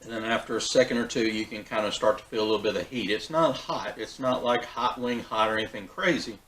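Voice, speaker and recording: Low-voiced man, folksy BBQ host. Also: quick pace, a little hiss or hum, rough recording. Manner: relaxed, folksy, with frequent fillers and restarts. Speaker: backyard BBQ channel host. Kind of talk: casual cooking vlog. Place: backyard.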